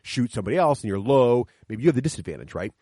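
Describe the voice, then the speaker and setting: A man's voice: medium pitch, sing-song, racing, dark tone, no room sound, clean studio sound. A middle-aged man, a podcast guest, telling stories from his kids' tabletop games with enthusiasm, explaining the rules step by step. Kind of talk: animated storytelling chat. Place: coffee shop, sit-down chat.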